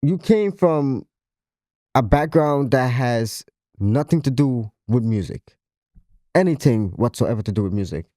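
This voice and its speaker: A man talks earnestly on a podcast, repeating his phrases to stress a point. His voice is warm and mellow, and the sound is close and dry. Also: medium pitch, expressive, measured pace, no room sound. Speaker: podcast co-host. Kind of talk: casual podcast chat.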